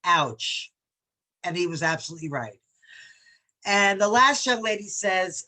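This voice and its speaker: A woman's voice: lowish voice, expressive, unhurried, long pauses, sharp tone. A woman from New York leading a workshop on bias, talking conversationally and reading quotes aloud with emphasis. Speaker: diversity workshop presenter.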